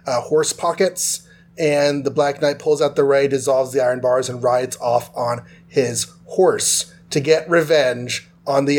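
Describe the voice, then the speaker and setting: A man casually retelling a comic book plot, tossing in quick voices for the characters. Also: medium pitch, darkish tone. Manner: loose, chatty retelling with quick dialogue voices. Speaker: podcast host.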